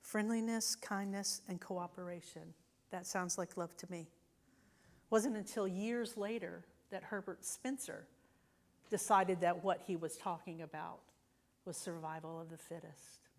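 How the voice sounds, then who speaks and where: A woman's voice: fairly low pitch, fairly even intonation, measured pace. Conversational woman minister preaching. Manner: conversational, often asks the congregation "right?". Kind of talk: sermon. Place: church sanctuary.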